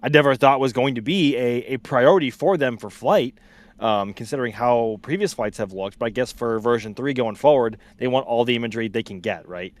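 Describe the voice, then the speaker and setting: A man's voice: mid-range voice, a little fast. A man co-hosting a live commentary stream, speaking hesitantly with lots of fillers and restarts. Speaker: co-host.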